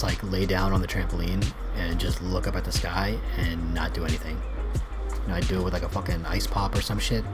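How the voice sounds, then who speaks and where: A man in his thirties telling rambling, profane childhood stories while playing a game, laughing as he goes. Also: on the low side. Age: 30s. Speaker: gaming video host. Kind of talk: casual storytelling over gameplay.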